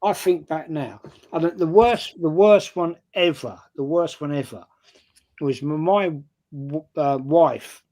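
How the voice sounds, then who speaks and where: A man's voice: on the high side, unhurried, dark tone. An older man with a London accent telling a long personal story in casual chat, often checking in with "right?". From North London. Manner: anecdotal, repeats "right?" often. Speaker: fan channel panelist.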